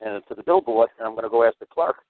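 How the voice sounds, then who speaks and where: Fast-talking blunt man on a tinny line. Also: fairly low pitch, animated, no echo. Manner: blunt, profane, rapid storytelling. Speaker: host. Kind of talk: casual storytelling on a call-in show. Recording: tinny phone-line audio.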